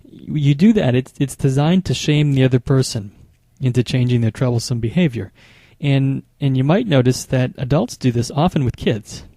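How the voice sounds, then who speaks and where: Man, marriage therapist, measured teaching tone, warm mellow voice, dry close sound. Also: medium pitch, no room sound. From United States. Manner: measured, explanatory, with frequent small restarts. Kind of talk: instructional talk to camera.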